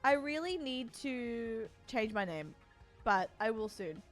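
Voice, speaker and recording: Woman streamer, high voice, slow easy pace, giggly, emotional, swears a lot, faint music behind. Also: lively intonation. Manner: emotional, giggly, swears freely, thanks donors. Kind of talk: casual live-stream chat.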